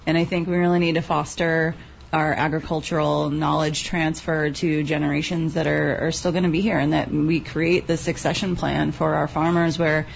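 A woman's voice: low-pitched, little pitch movement, normal speed, vocal fry, slight background noise. A woman, talking about a youth farm program in casual, enthusiastic chat with many fillers, on a lo-fi recording. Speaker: youth agriculture program coordinator. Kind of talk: casual radio talk interview. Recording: dull lo-fi sound with faint ambience.

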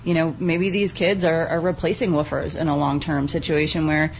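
Her deep, slightly mellow voice barely moves in pitch as she talks at a moderate pace, a youth agriculture coordinator describing a youth farm program. The casual radio interview is enthusiastic and filler-heavy, recorded lo-fi and dull with faint ambience and slight background noise.

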